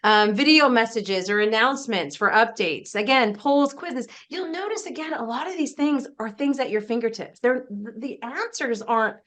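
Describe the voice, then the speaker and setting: Chatty, emphatic woman coach, higher voice. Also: moderate pace, few pauses, fairly bright tone. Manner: chatty and emphatic, laughs often. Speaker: business coach. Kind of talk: casual webinar presentation.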